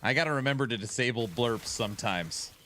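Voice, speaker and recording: A man's voice: medium pitch, a little fast. A man chatting casually on a live stream, playful and teasing as he talks back to his viewers.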